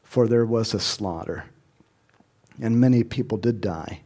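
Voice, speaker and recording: A man's voice: lowish voice, unhurried, mellow. A middle-aged man preaching a sermon in a conversational way, chuckling often and rising to emphatic questions. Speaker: pastor.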